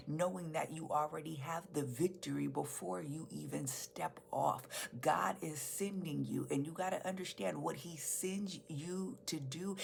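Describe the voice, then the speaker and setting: Low gravelly woman preaching. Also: a little hiss or hum. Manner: earnest, emphatic preaching with repeated phrases. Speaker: pastor. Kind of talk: sermon.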